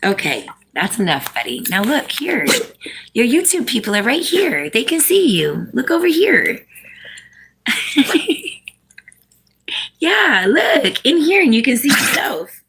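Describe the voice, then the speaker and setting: A woman's voice: sits high, huge pitch swings, slow, long pauses, noisy background. A woman hosting a casual live stream, chatting with viewers, reading out their comments and coaxing her dog to sit.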